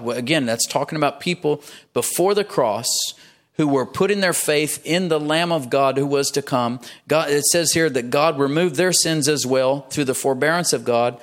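A man's voice: mid-range voice, moderate pace, fairly bright tone. A man pastor preaching a sermon in a church, emphatic, punctuating his points with "amen" and rising for emphasis.

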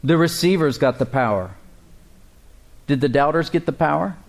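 A pastor preaching a sermon to his congregation, calling for responses and slowing down to read scripture aloud. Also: fairly high pitch, gravelly, slight background noise.

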